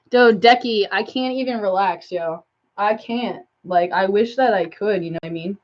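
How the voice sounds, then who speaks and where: A woman chatting loosely on a live stream, drifting between thoughts with plenty of "like" and "um." Her voice sits at an ordinary middle pitch. The audio is a little dull and lo-fi, as from a phone or webcam mic. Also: moderate pace. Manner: rambling, filler-heavy, talks to viewers and her cat. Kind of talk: casual live stream chat.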